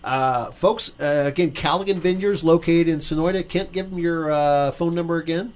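A man's voice: a little high, moderate pace. A man from Indiana hosting a radio wine show, chatting casually and joking with his co-host and listeners.

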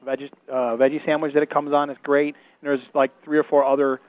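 Man, restaurant manager, radio guest, fast, hesitant, filler words, dry, tinny phone-like audio. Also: fairly high pitch, flat delivery, dry recording. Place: inside a restaurant. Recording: narrow phone-like radio broadcast.

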